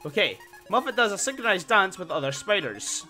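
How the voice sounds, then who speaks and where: A man commentating his own video game playthrough with excitable, panicky reactions. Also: high voice, brisk. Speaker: gaming video host. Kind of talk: let's play commentary. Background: faint game music.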